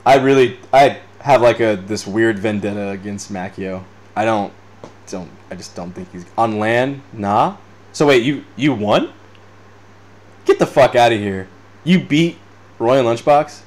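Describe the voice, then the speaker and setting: A man's voice: fairly low pitch, measured pace. Rambling, profane young man. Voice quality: rambling, profane, laughs often. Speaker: podcast host. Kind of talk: unscripted casual chat reading live comments.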